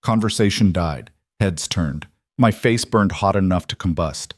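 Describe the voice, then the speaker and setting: Male narrator, deep-ish and dry, measured dramatic audiobook delivery. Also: no room sound.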